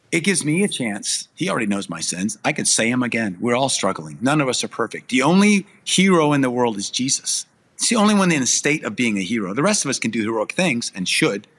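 A man's voice: medium pitch, fairly bright tone. A middle-aged man sharing a personal testimony as an interview guest, earnest and emphatic, his voice tearful and breaking with emotion.

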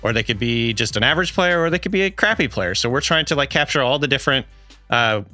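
A man's voice: mid-range voice, animated, quick pace, sharp tone, soft background music. A man co-hosting a podcast, explaining and bantering in an offhand, teasing manner. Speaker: podcast co-host. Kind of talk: casual podcast chat.

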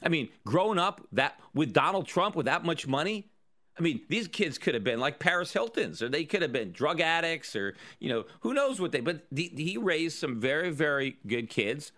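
A man talks through an opinion segment on his own podcast. His voice sits a little high and sounds bright and forward. He argues with energy and keeps asking rhetorical questions. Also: moderate pace. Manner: animated, argumentative, rhetorical questions. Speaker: podcast host. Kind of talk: opinion monologue.

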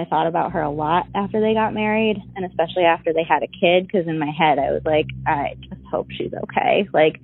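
Her voice is low with a breathy edge, heard through phone-quality sound. A young adult woman, she gives a rambling personal account as an interview guest, full of "like" fillers and restarts.

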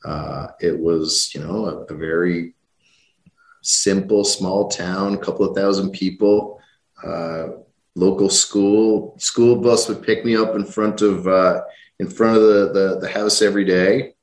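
A man's voice: sits low, steady tone, a little slow, reverberant. A man from Ireland with a faint Irish accent, a company head being interviewed. He talks in an easygoing, friendly way, with frequent restarts. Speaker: company CEO, guest. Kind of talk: casual interview chat.

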